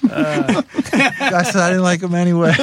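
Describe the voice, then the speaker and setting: A man's voice: high voice, heavy background noise. A man, a guest musician, telling wild road stories in casual chat, swearing freely and laughing as he goes. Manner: profane, laughing as he tells stories. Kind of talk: casual storytelling.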